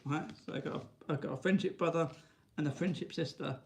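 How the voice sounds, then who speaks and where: A man's voice: a little fast, creaky. A man rambling to camera in a casual vlog, restarting often and tagging lines with "right?". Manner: high sing-song baby talk to his dog. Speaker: vlogger.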